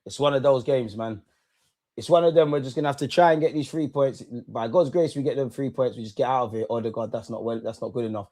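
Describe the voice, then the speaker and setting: A young man hosting a live football watch-along, reacting excitedly, swearing at the referee and telling the players to calm down. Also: mid-range voice, fast. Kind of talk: live match reaction commentary.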